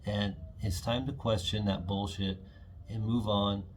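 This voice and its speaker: A man's voice: on the low side, fairly even intonation, a little slow, a little hiss or hum. A man giving a casual, enthusiastic tarot reading, chatty and often acting out imagined quotes. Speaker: tarot reader.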